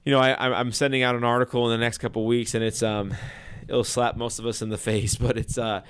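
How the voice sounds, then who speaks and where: A man's voice: medium pitch, level tone, fairly quick, a bit bright, clean tone. A man, a chiropractor talking earnestly and casually about patient care and diet. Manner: earnest, conversational, retells patient stories. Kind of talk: casual talk to camera.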